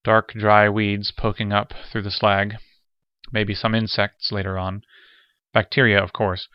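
Guy doing a jumpy idealist pleading against war, goes high when worked up, dry dull audiobook sound. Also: flat delivery, unhurried, clear, resonant tone, no room sound, lightly acted. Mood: musing. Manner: pleading, stammering when agitated. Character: excitable idealistic man, a pacifist.

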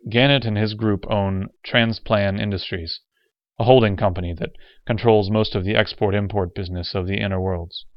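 A man's voice: on the low side, fairly even intonation, moderate pace, no room sound, dull audio, natural voice. A man voicing a bitter, sardonic off-world man who speaks harshly and coldly in an audiobook. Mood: grim.

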